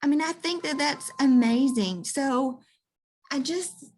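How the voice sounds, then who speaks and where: A woman's voice: high-pitched, slow pace, slight background noise. A woman chatting casually about her direct sales business, earnest and heartfelt, with plenty of fillers. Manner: earnest, warm-hearted testimonial with many fillers. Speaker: guest, direct sales seller. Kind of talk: casual chat.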